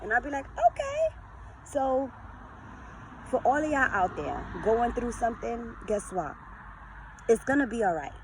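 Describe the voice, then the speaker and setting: A woman in her forties giving an earnest, lively motivational talk to her followers in a vlog. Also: fairly high pitch, normal speed, noisy background. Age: 40s. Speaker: vlogger.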